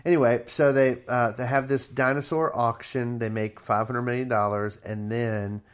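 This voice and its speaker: A man's voice: medium pitch, normal speed, clean tone. Laid-back man recapping a movie. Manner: slangy, relaxed retelling of a film plot. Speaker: podcast co-host. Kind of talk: casual chat.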